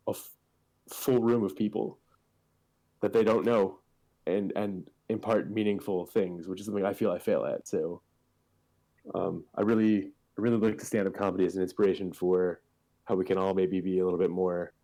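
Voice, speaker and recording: A man speaking as a guest on a casual podcast, in a flat monotone with halting starts and many fillers. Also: deep voice, low-quality recording.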